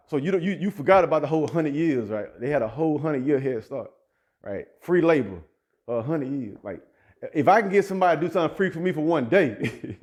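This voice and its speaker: A man's voice: on the high side, animated, fairly quick, a little mellow. A man who runs an app business, ranting straight to his listeners in loose, heated street talk. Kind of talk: direct-to-camera rant.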